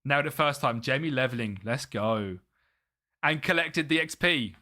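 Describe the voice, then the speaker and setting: Lively young British man streaming. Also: mid-range voice, normal speed. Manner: chatty, muttering to himself, laughs often. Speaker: live streamer. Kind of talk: live gaming stream commentary.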